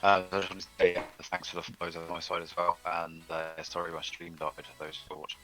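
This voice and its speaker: A man's voice: low-pitched, completely flat delivery, fairly quick, over music, rough recording. A man streaming alongside the host, giving brief offhand replies over a glitchy online voice chat. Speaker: fellow streamer. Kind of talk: casual live-stream chat.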